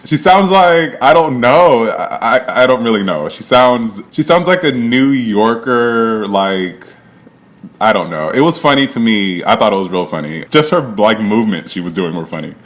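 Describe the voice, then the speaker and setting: A man's voice: medium pitch, animated, moderate pace. A man giving a casual spoken recap, chatty and laughing often, with loose swearing and plenty of "like". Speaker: reality show recap vlogger.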